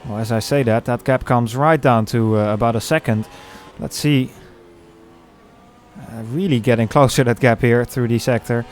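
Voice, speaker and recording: A man commentating a sim race, calling the action with many pauses and fillers. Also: medium pitch, a little hiss or hum. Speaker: lead commentator.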